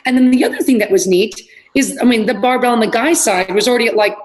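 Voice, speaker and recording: A middle-aged woman, a fitness trainer, telling lively stories in a casual podcast chat and acting out what people said. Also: a little high, quick pace, rough recording. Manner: animated storyteller, acts out quotes.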